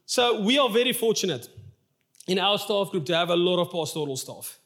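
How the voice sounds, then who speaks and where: A man's voice: high voice, expressive, normal speed, fairly bright tone. A male pastor preaching a sermon in a church, telling a personal story in an open, emotional, confessional way.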